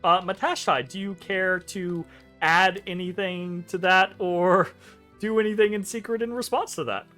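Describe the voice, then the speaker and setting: A man narrating as game master of a tabletop game, rambling and correcting himself with quick laughs. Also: high-pitched, steady tone, bright, forceful tone, faint music behind. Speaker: dungeon master.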